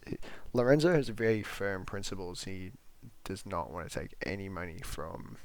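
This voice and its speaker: Lively low-voiced man retelling a film. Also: normal speed, dry recording. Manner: lively storyteller who acts out the characters' lines; swears freely. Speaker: film review podcast co-host. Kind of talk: casual film recap chat.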